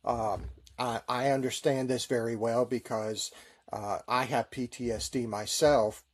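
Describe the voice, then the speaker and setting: A man's voice: medium pitch, steady tone, unhurried. Middle-aged man telling stories, good-humored. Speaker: Navy chaplain. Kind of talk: storytelling interview answers.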